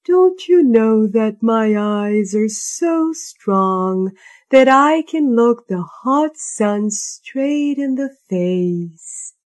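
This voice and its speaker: A woman voicing a huge, boastful male giant in a storybook reading, with a slow, growling delivery. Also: fairly high pitch, animated, darkish tone.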